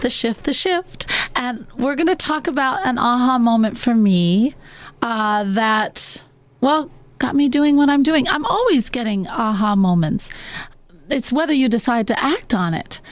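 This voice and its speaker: A woman's voice: a little high, dry recording. A woman hosting a talk radio show, giving earnest life-coaching advice with many fillers and restarts.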